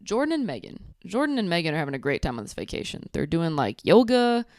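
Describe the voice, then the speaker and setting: A young woman with a lively, bouncing voice, recapping a dating show with sarcastic, animated commentary. She often slips into quick impressions of the people on the show. The sound is close and dry, with no room in it. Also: lowish voice, no room sound. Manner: sarcastic, animated, acts out quotes.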